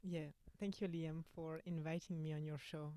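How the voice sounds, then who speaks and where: A woman's voice: deep voice, steady tone, normal speed, dark tone. French woman guest on a podcast. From France. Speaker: podcast guest, yoga teacher. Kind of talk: casual interview chat.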